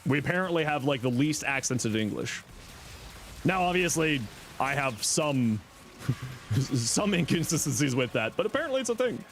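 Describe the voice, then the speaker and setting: A man's voice: medium pitch, moderate pace, long pauses, a little hiss or hum. A man with a light Canadian accent from Southern Ontario, chatting casually with viewers on a game stream and reading their messages aloud. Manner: chatty, animated, reads and answers chat aloud.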